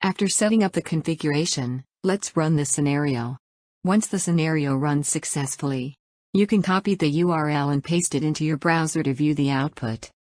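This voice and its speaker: A woman narrating a scripted software tutorial, reading each step in an even, instructional way and spelling out acronyms letter by letter. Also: sits low, normal speed, dry recording, studio quality.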